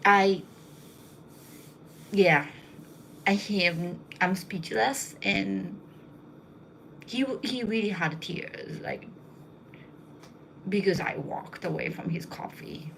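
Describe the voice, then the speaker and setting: A woman's voice: mid-range voice, sing-song, slow, pauses often, a bit bright, slight background noise, rough recording. A young woman casually telling rambling anecdotes, with lots of fillers. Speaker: storyteller.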